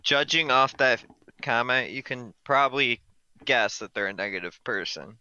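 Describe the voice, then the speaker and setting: A man's voice: medium pitch, normal speed, bright, forceful tone, dull audio. A man taking part in a trading coaching session, speaking hesitantly and casually. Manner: hesitant, many fillers and restarts. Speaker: coaching client, day trader. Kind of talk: casual conversation.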